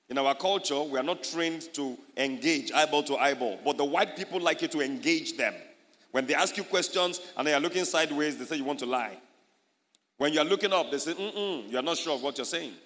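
A man preaching an animated sermon as a pastor, his voice rising loud on key points. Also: fairly high pitch, big-room sound.

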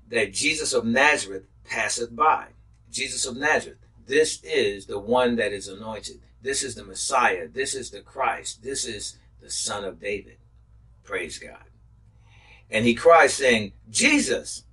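A pastor preaches a Bible lesson on healing, reading verses aloud, repeating key phrases, and interjecting "praise God" and "glory to God." His medium-pitched voice is pushed, bright, and slightly rough. The mic is distant and the recording rough.

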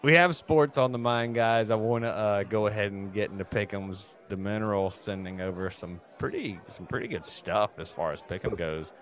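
A man's voice: fairly low pitch, normal speed, few pauses, a bit bright. A man hosting a casual podcast, rambling loosely and laughing often. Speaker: podcast host. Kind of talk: casual chat.

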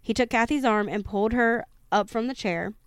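A woman reading a haunted-house book aloud in a steady storytelling manner, now and then tripping over a word and correcting herself. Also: a little high, moderate pace, smooth, no echo, studio quality. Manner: steady storytelling with occasional stumbles and self-corrections. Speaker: reader of a true-haunting book.

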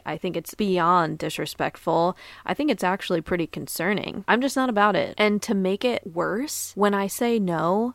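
A woman's voice: mid-range voice, gravelly, no room sound. A woman in her twenties hosting a podcast, telling personal stories in a blunt, profane, laughing way. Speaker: podcast host. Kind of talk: casual storytelling podcast.

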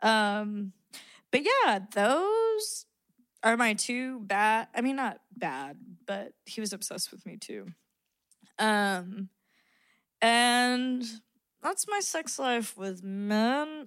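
A woman's voice: on the high side, sing-song, slow, fairly bright tone, no room sound, studio quality. A young woman co-hosting a podcast, telling stories frankly and laughing often in casual chat. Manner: candid storytelling, laughs often. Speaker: podcast co-host.

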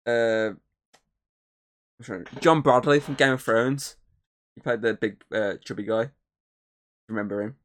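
A man's voice: medium pitch, measured pace, long pauses, a bit bright. A man co-hosting a podcast, chatting casually, rambling with lots of filler words and swearing. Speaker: podcast co-host. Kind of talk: casual chat.

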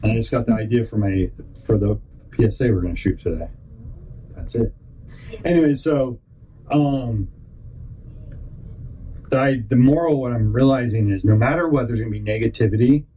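A man's voice: medium pitch, a little hiss or hum, rough recording. Rambling man hosting a faith podcast. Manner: rambling, halting, self-interrupting; animated storyteller. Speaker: podcast host. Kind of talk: rambling faith-based motivational talk.

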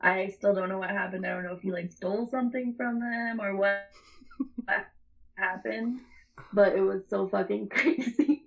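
A woman's voice: mid-range voice, moderate pace, creaky, highs cut off. A young adult woman telling a story in casual chat, rambling and swearing, often breaking into laughter.

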